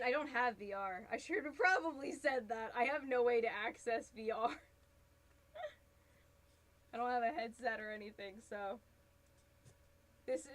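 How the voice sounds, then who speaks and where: Woman, cosplay streamer, casual rambling chat, quick to laugh, slightly high voice. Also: a bit bright, poor audio. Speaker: cosplay livestreamer. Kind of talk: casual chat while crafting, reading chat.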